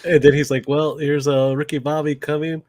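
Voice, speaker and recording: A man's voice: a little high, level tone, brisk, darkish tone, dry recording. A man co-hosting a casual podcast about a comedy film, laughing often and acting out scenes he quotes. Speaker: podcast co-host. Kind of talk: casual movie chat.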